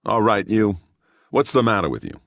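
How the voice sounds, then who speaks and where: A gruff, bossy street cop barking curt orders at a crowd, as a male narrator acts him out. The voice is pushed up and loud over the narrator's usual tone and lands hard on every command, recorded dry and close for a storybook. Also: lowish voice, expressive, normal speed, no room sound, voice pushed up. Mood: threatening.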